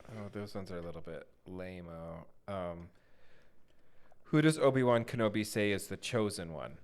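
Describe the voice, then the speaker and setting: A man's voice: low-pitched, normal speed. A man co-hosting a podcast, reading quiz questions in a loose, playful chat, laughing often and stumbling over words. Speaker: podcast co-host. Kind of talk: casual chat, quizzing a co-host.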